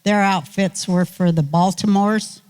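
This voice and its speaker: A woman's voice: mid-range voice, unhurried, darkish tone, clear, resonant tone. An older woman, a guest on an interview show, telling a rambling, folksy, self-mocking story.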